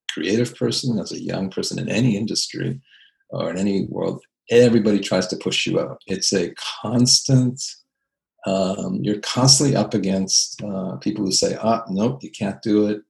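A man from Canada with a deep, heavily gravelly voice recalls his path as an architect in an interview. He speaks thoughtfully, circling back with fillers and restarts as he gathers his thoughts. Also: a little mellow, rough recording. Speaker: architect and designer. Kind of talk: reflective interview storytelling.

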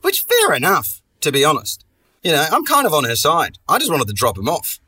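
A man's voice: a little high, wildly swooping pitch, fairly quick, bright, forceful tone, husky, recorded from a distance. A man hosting a comedy podcast, telling a long story in a rambling, sweary way and restarting his sentences often. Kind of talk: casual comic storytelling.

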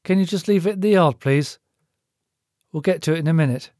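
Man doing gruff worried butcher, audio drama, dry close sound. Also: on the high side, fairly quick, a little mellow, dry recording, natural voice. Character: worried middle-aged male butcher.

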